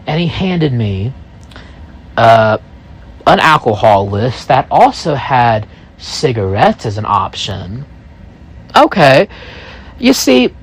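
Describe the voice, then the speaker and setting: A man in his thirties telling a first-person story, rambling and halting, full of asides. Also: mid-range voice.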